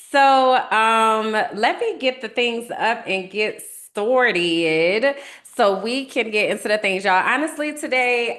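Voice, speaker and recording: A woman's voice: fairly low pitch, fairly bright tone. A woman hosting a live-streamed podcast episode in casual chat, upbeat and chatty, greeting her viewers. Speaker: podcast host on a livestream.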